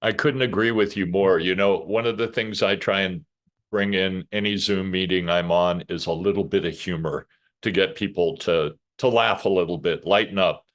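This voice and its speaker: A man co-hosting a podcast, asking calm, reflective questions over a video call. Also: sits low, normal speed. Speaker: podcast co-host. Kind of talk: casual interview chat.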